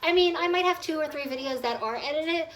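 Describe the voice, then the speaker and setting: A woman's voice: high-pitched, fairly quick, a bit bright, poor audio. A woman in her twenties telling a story in a casual vlog rant, rambling and swearing freely, with her small children around her at home. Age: 20s. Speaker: vlogger.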